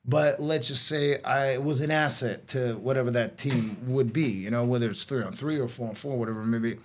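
Telling a long story in casual conversation, a middle-aged man speaks a little fast in a steady, medium-pitched voice. His telling rambles, packed with "like" and "you know" and frequent restarts, and a cough breaks in now and then.

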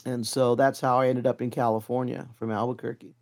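A man's voice: medium pitch, brisk. A man recounting his martial arts past in a casual interview, acting out the voices of people he met. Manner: animated, acts out quoted voices. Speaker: martial arts instructor, guest. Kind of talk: casual storytelling.

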